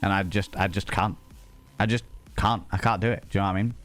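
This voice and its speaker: A young man chatting casually on a live stream, animated and swearing freely, jumping high in pitch for emphasis. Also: fast, soft background music.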